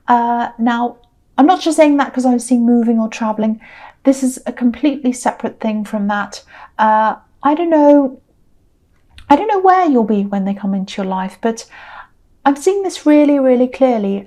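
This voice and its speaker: Hesitant, earnest woman tarot reader, mellow. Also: a little high. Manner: earnest, apologetic, hesitant with many ums. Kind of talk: tarot reading monologue.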